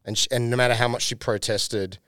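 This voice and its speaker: An Australian man spins a long, profane anecdote in casual chat, jumping into the voices of the people in his story. His pitch sits mid-range, and the sound is close and dry, with no room around it. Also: fairly quick, dry recording. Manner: profane, animated, acts out quotes. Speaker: comedian telling a story on a podcast.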